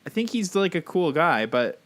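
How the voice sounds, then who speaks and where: A man's voice: a little high, very animated, moderate pace. A man co-hosting a casual podcast chat, rambling with lots of fillers and reading aloud in a wry tone. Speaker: podcast co-host.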